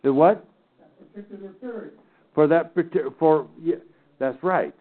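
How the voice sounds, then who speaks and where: A man's voice: a little high, slow pace. Folksy man teaching a Bible class. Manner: folksy, teasing asides to the class. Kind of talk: lecture to a class. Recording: tinny phone-like sound.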